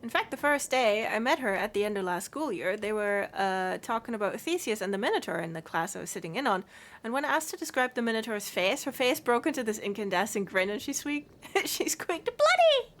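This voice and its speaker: A woman streaming a video game, chatting and commenting in a giggly way with bursts of high excited squeals. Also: brisk.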